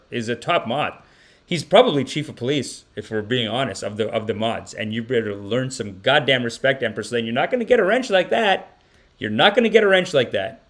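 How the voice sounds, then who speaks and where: A man hosting a casual livestream podcast, reacting to clips with lively joking commentary, laughing often and talking straight to his chat. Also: medium pitch.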